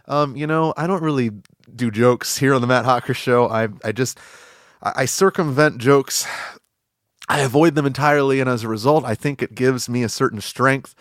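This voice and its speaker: A man's voice: fairly high pitch, normal speed, no echo, studio quality. A man hosting a comedy podcast, rambling through an absurd mock-serious monologue and giggling at his own lines.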